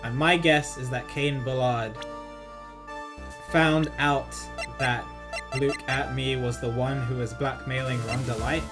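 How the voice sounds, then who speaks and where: A woman's voice: a bass voice, steady tone, slow. A woman streamer chatting casually while she plays a story game, chatty and self-deprecating. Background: game music.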